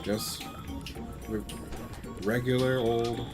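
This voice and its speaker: A man with a gravelly voice giving casual, wry, grumbling commentary as he streams a game, often laughing. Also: medium pitch, steady tone, extremely slow. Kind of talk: casual let's-play commentary. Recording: game music behind voice. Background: game music.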